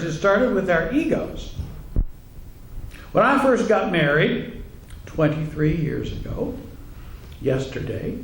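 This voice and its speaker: A man's voice: high voice, echoey room, slight background noise, low-quality recording. A man, a psychotherapist, giving a humorous talk to a congregation, telling wry stories and turning to the audience with asides. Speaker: psychotherapist and speaker.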